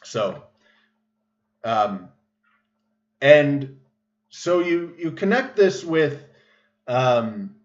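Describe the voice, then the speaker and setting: A man's voice: on the high side, big pitch swings, very slow, pauses often. A man hosting a casual livestream monologue, rambling with many fillers and restarts, recorded in an echoey room with a dull, lo-fi sound. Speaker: show host.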